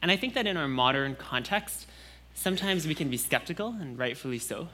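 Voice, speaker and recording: Bright-voiced young man preaching a sermon. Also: on the high side, lively intonation, a little fast, a little hiss or hum. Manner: conversational, with frequent "like" and restarts.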